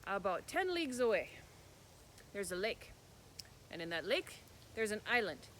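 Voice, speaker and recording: A man's voice: sits high, sing-song, normal speed, pushed and bright, slight background noise, exaggerated voice. A man voicing a big heartless male troll who boasts and then whimpers, in a told folk tale. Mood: boastful.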